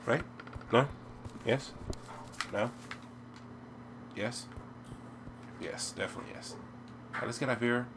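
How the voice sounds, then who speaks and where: A man's voice: mid-range voice, slow pace, long pauses, noisy background. Rambling young American gamer guy. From United States. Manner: rambling, chatty, bursts into loud yelps. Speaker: let's play gamer. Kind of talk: game commentary.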